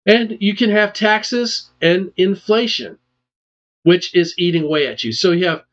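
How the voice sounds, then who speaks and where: A man's voice: sits high, measured pace, fairly bright tone. A man, a financial advisor, explaining retirement charts in an emphatic way and checking understanding with "okay?" and "all right?". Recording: dull lo-fi sound.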